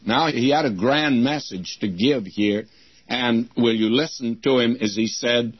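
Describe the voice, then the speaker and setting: A man's voice: mid-range voice, a little slow, husky, dry recording. Folksy older male radio preacher. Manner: folksy, conversational preaching with emphatic quotes. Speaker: radio Bible teacher. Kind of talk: radio sermon. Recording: dull dry lo-fi radio recording.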